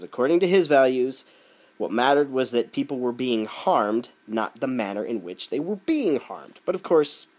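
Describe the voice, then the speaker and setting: A man's voice: medium pitch, a little mellow. A man delivering a sarcastic, ranting opinion commentary. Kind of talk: opinion rant video.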